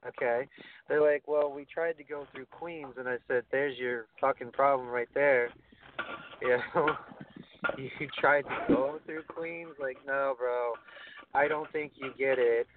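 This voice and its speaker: A man's voice: medium pitch, a little slow. Blunt New York man on a tinny line. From Brooklyn, New York. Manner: blunt, swearing, animated storytelling. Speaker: podcast host. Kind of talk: casual chat. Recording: tinny phone-like line with faint hiss.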